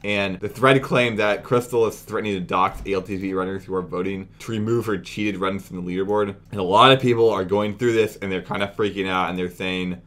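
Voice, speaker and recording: A man's voice: sits low, fairly even intonation, brisk, hardly any pauses, fairly bright tone. A young man talking casually in a commentary video, brash, mocking and indignant as he addresses viewers. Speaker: youtube commentator.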